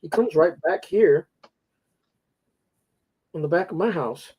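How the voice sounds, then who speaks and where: On a rough recording, a podcast host slowly spins long, rambling, profane stories in casual chat. His voice is a little high, yet darkish in tone and husky.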